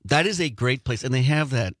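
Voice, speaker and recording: A middle-aged man co-hosting a radio show, chatting casually and telling animated stories. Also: medium pitch, fairly quick, dry recording, studio quality. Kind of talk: casual chat.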